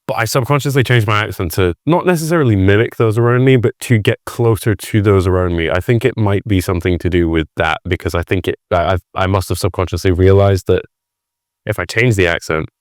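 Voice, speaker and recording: Low-voiced Scottish man chatting. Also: brisk, no echo, clean studio sound. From Scotland. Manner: animated storytelling with many restarts. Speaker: podcast guest. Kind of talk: casual conversation.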